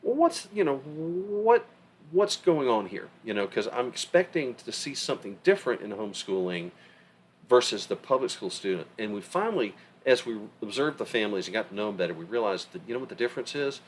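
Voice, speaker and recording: A middle-aged podcast co-host with a lowish voice speaks fast, telling stories in an emphatic, animated way. It's casual conversation, with a little hiss or hum in the background.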